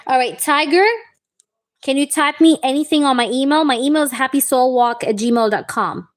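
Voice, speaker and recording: A woman's voice: sits high, moderate pace. A woman giving a live-stream tarot reading, chatty and reassuring, often checking in with "okay?" and calling the viewer "baby". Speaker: tarot reader.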